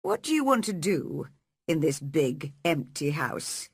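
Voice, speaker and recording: A woman voicing a sad, worried older man who speaks quietly and heavily. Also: sits low, very animated, a little slow, breathy edge, no room sound, clean studio sound, voice pushed down, exaggerated voice.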